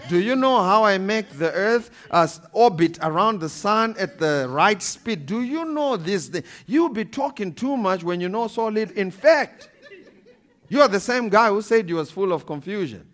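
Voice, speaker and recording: A man preaching, voicing God as a stern figure who loudly scolds a mortal for talking too much. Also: high voice, lively intonation, normal speed. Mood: scolding. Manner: loud, emphatic scolding.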